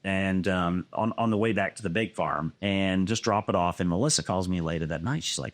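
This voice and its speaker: A man's voice: deep voice, brisk, few pauses, a little hiss or hum. A man casually telling a long hunting story, swearing often and acting out what others said. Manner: animated, swears a lot, acts out other people's lines.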